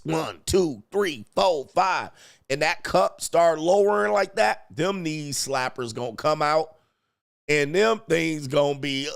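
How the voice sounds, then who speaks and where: A man with a gravelly voice pitched somewhat high riffs crudely to his viewers, talking in heavy slang. He keeps acting out what he and others would say, with loud, animated shifts in delivery. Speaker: podcast host. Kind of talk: crude comedic riffing to a live chat.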